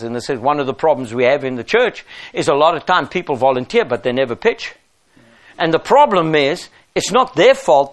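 A man's voice: high-pitched, fairly bright tone. A middle-aged man preaching a sermon as pastor, emphatic and driving his points home with rhetorical questions.

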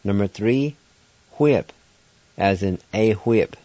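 A man's voice: on the low side, takes it slowly, dark tone, dry recording, dull audio. A man hosting a radio language lesson who patiently spells out each word letter by letter and then pronounces it.

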